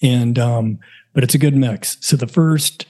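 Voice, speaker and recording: A middle-aged man talks through his podcast from home in a loose, rambling way. He jokes at his own expense as he goes. His voice sits dark and mellow. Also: medium pitch, a little slow. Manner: self-deprecating, joking, rambling. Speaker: podcast host. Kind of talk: casual solo podcast talk.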